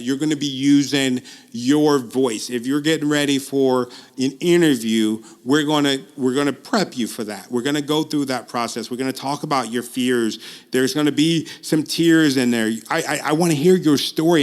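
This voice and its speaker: Man, public speaking coach, casual earnest pitch, lots of ums and restarts, uneven pace, mid-pitched voice. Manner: earnest, repeats phrases, frequent ums and restarts; uneven pace, speeds up and slows down. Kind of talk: casual direct-to-camera pitch.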